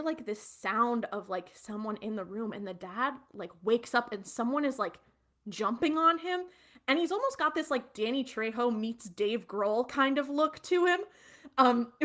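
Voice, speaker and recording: A woman's voice: on the high side, fairly bright tone. Chatty woman recapping an episode. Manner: rambling retelling with many "like" fillers. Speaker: podcast co-host. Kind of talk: casual recap chat.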